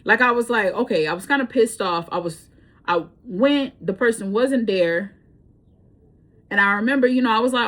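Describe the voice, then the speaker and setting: Woman, fairly high voice, blunt casual storytelling, swears freely. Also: moderate pace, a little hiss or hum. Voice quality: blunt, profane, animated storytelling. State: breathing hard. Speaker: tarot reader.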